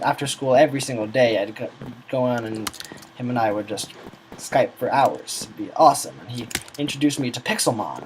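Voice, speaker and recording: A man's voice: mid-range voice, noisy background. A teenage boy telling a long, rambling story about gaming friends, often losing his train of thought. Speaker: gamer recounting a server's history.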